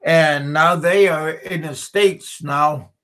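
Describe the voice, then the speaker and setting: Slow, halting man chatting on a livestream. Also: a little high, steady tone, bright, forceful tone. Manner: halting, repeats words and restarts often; slow, chuckling, talks back to chat. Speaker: livestream host. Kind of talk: casual livestream chat reading viewer comments.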